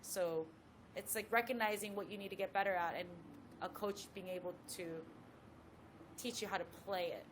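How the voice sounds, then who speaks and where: A woman, a professional golfer, telling a story as a guest in a casual chat with lively asides. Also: mid-range voice, moderate pace, background noise.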